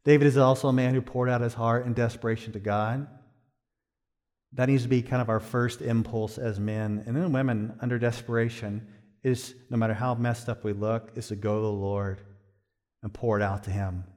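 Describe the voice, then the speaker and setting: Middle-aged pastor man preaching, goes quiet then loud, long hall echo. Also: level tone. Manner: swings from hushed, slow phrases to loud, high exhortation. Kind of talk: sermon.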